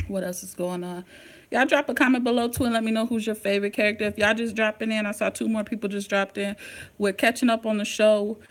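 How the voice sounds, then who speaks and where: A woman chatting live to her viewers as she recaps a TV episode. Her talk is casual and slangy, and she gets excited easily. Her voice sits at a middle pitch. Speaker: TV recap host. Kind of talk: casual live-stream chat.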